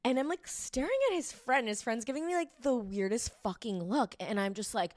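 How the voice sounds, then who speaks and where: A young woman co-hosting a podcast, telling a story in casual chat, swearing freely and getting louder when she is animated. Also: a little high, a little fast, few pauses, no room sound, studio quality. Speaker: podcast co-host.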